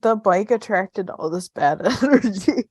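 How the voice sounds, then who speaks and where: A woman's voice: mid-range voice, animated, unhurried, breathy edge, no echo. Woman podcaster rambling through an episode recap, lots of likes and ums, dry close mic. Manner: chatty, retells scenes with quoted lines and fillers. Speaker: podcast co-host. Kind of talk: casual chat recapping a TV episode.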